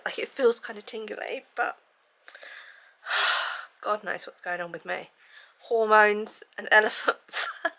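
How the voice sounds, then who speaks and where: A young woman from England, talking candidly in a casual home vlog, often dropping to a soft, hushed voice. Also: mid-range voice, gravelly. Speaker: vlogger. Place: at home, then outdoors in a garden.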